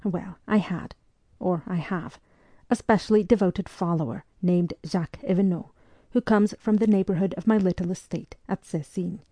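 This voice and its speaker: A woman narrating a historical novel aloud, reading in a measured, even way and giving the dialogue soft voices. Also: lowish voice, dry recording. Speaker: audiobook narrator.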